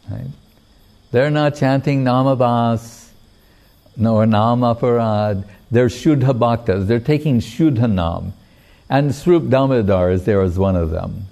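A man giving a devotional talk, retelling a sacred story in a measured, unhurried way with pauses. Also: medium pitch, warm tone. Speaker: spiritual teacher.

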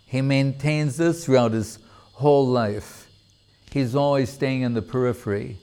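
A man telling a devotional story as a sermon, in an unhurried, deliberate manner. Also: mid-range voice, mellow, clean tone. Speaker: religious storyteller.

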